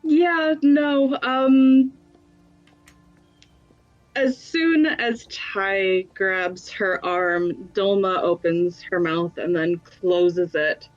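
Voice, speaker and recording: A woman's voice: medium pitch, fairly even intonation, drawn-out words, faint music behind. A woman playing a tabletop game, narrating her character in a hesitant, emotional way. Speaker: player. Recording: dull lo-fi sound.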